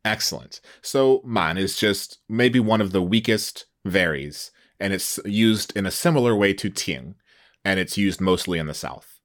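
A man hosting a conversational language lesson, animated and playful, often laughing and feigning alarm. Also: low-pitched, a little slow. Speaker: host.

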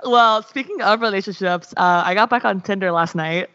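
A woman's voice: mid-range voice, normal speed, fairly bright tone. A young woman co-hosting a casual chat podcast, rambling, giggling and cutting herself off mid-sentence. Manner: giggly, rambling, self-interrupting. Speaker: podcast co-host. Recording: dull lo-fi audio.

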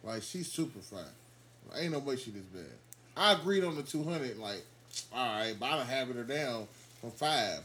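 A young man hosting a podcast, telling a story among friends in a casual, animated way and acting out the voices he quotes. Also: mid-range voice, normal speed, husky. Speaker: podcast host.

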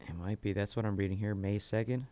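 A man's voice: lowish voice, fairly even intonation, warm tone, smooth. A man hosting a boxing podcast in casual chat, easygoing, with lots of ums and easy laughs. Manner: easygoing, fills pauses with um, laughs easily. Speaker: podcast host.

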